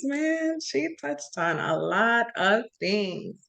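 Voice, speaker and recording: A woman's voice: medium pitch, big pitch swings, very slow, gravelly, a bit bright. Woman, young adult, earnest, impassioned, casual podcast chat, filler words. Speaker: podcast co-host.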